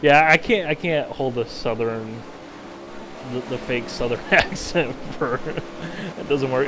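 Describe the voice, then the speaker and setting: A man's voice: mid-range voice, takes it slowly, fairly bright tone, slight background noise. A man from the Midwest chatting casually and rambling as he streams a racing sim, poking fun at himself. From American Midwest. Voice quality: rambling and self-mocking. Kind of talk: casual live-stream chat.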